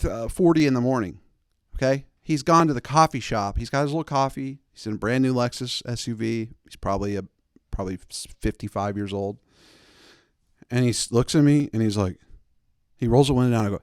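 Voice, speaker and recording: A man's voice: medium pitch, a little fast, no echo, studio quality. A man in his thirties hosting a podcast, telling a wild personal story in a casual, emphatic way and laughing as he goes. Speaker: podcast host.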